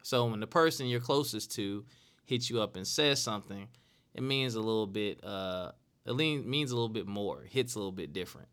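A man's voice: fairly low pitch, lively intonation, a little fast, a bit bright, clear, resonant tone. A man in his late thirties hosting a casual solo talk show, earnest and repeating phrases for emphasis. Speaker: podcast host.

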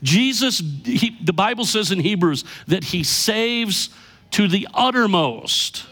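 High-voiced man preaching emphatically. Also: lively intonation, pushed and bright. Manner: emphatic preaching, slows down for key lines. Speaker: pastor. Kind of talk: sermon.

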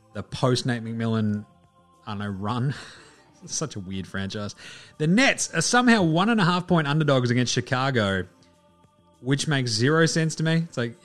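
A man hosting a basketball show in casual solo commentary, loose and chatty, with the odd swear word. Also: mid-range voice. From Australia. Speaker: basketball podcast host.

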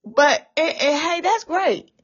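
In a dull, lo-fi recording, a woman tearfully and fervently testifies about a dream, circling back to the same words. Her high voice is expressive and slow.

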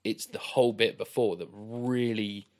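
A man, co-hosting a podcast and discussing a film in a relaxed way, with lots of fillers like "like". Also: on the low side, moderate pace. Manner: relaxed, filler-heavy, agreeable. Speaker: podcast co-host.

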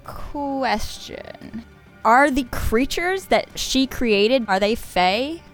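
A woman's voice: fairly high pitch, animated, very slow, soft background music. A woman player in a tabletop game, asking rules questions in a casual, playful way.

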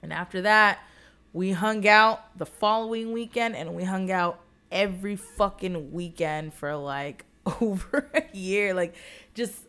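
A woman's voice: mid-range voice, a little slow, a bit bright, clean tone. A young woman chatting casually on a podcast, candid and profane, telling a dating story with many fillers. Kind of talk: casual chat.

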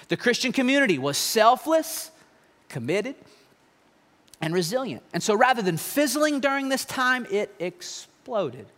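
Male pastor, animated conversational sermon, high lively voice, reverberant sanctuary. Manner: animated, conversational preaching with mocking asides. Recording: long hall reverb.

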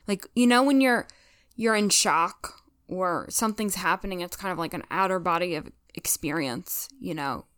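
A woman co-hosting a casual chat podcast, talking through an episode with earnest feeling. Her voice is smooth and resonant, and the sound is dry and close, with no room around it. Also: fairly low pitch, moderate pace, a bit bright, no room sound. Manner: earnest, emotional, retells scenes with quoted lines. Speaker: podcast co-host.

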